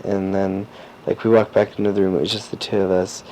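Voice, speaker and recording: A teenage boy recording a personal audio diary, rambling and halting with lots of fillers and restarts. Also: low voice, little pitch movement, darkish tone. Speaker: diarist. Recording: dull lo-fi cassette tape with faint hiss.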